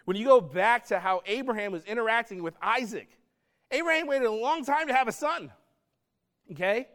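A man delivers a sermon in a fairly high voice. He talks in a casual, earnest way and pushes harder on his key points. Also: expressive, normal speed, a bit bright. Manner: earnest, conversational preaching with rising emphasis. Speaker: pastor.

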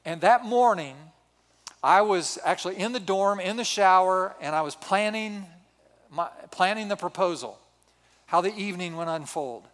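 A man in his sixties, a pastor telling a personal story in a sermon with animated, self-mocking humor. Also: high voice, moderate pace. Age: 60s. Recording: reverberant hall.

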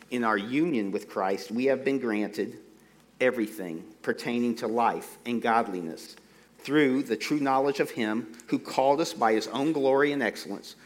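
Middle-aged male preacher, slow and emphatic. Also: medium pitch. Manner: slow, deliberate emphasis on key phrases; folksy, self-deprecating asides. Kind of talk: sermon. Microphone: microphone.

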